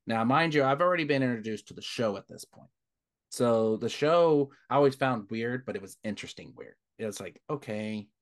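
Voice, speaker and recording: A man's voice: mid-range voice, brisk. A young man co-hosting a podcast, telling stories in casual chat and acting out what others said. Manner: relaxed storyteller, acts out quoted dialogue. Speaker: podcast co-host.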